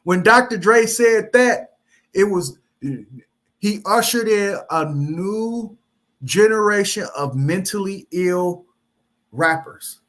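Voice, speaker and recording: A man's voice: high-pitched, slow pace, fairly bright tone. A man delivering a heated, profane monologue, confronting his listeners with repeated rhetorical questions. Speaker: commentary channel host.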